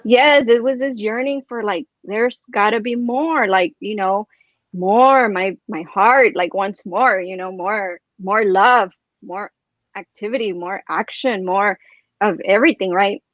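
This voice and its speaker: A woman telling a personal story in casual chat as a guest, rambling and animated, filling her speech with "like" and "right?". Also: medium pitch, a little slow, no room sound, dull audio.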